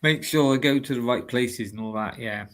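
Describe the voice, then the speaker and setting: A man's voice: mid-range voice, moderate pace, fairly bright tone. Brief: male co-host, rambling casual chat, frequent laughs. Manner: rambling, laughs often, chatty slang. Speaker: livestream co-host.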